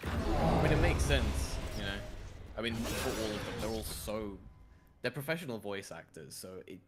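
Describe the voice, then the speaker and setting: A man chatting casually in a quiet, thoughtful way that trails off. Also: lowish voice, lively intonation, normal speed. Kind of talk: casual chat. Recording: distant noisy audio.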